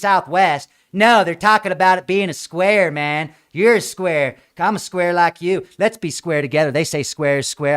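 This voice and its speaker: A man mocks wild theories in a sarcastic rant, jumping between loud outbursts and low asides. His voice is smooth and clear and sits a little high. He sounds like a casual host. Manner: mocking, animated, switches between loud and quiet. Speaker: show host. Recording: small room with green screen.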